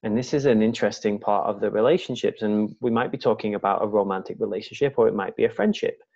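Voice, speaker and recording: A man speaking as a guest in a casual conversation, talking slowly and deliberately in a soft, measured way. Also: fairly low pitch. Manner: slow, deliberate, soft-spoken. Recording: dull lo-fi sound.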